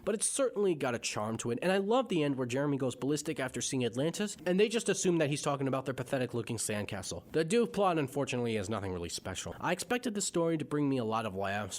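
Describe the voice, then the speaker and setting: Opinionated young man reviewing cartoons. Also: fairly high pitch. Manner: opinionated, exasperated rants with sarcastic asides. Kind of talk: scripted review narration.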